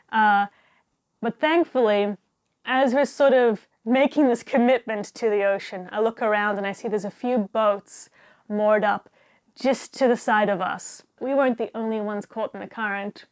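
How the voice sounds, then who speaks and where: A young woman telling a diving story in a casual, animated way, laughing often and acting out what people said. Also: mid-range voice, clear, resonant tone. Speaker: diver telling stories.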